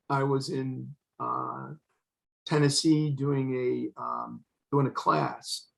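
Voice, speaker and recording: Gravelly older man telling a story. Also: mid-range voice, rough recording. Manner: earnest, retells scenes with quoted dialogue. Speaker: retired fire chief, guest. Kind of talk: emotional storytelling in conversation.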